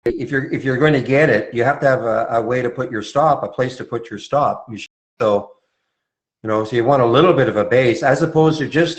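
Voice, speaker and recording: A man's voice: mid-range voice, brisk. A man from Montreal moderating a live trading room, answering viewer questions in a loose conversational way with frequent restarts. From Montreal, Canada.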